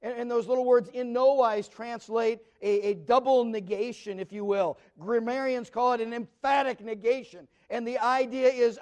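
A man's voice: very high-pitched, normal speed, a little mellow. A man preaching a Bible study sermon in an earnest way, repeating words and posing rhetorical questions to his listeners.

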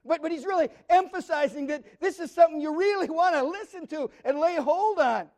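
A man with a very high voice preaches a Bible study. He is earnest, often repeating himself and asking rhetorical questions. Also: brisk, hardly any pauses, a little mellow.

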